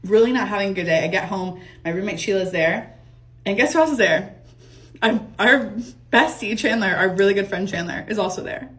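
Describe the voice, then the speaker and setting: A young woman telling a storytime monologue in a fast, animated, casual way, swearing and laughing often. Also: mid-range voice.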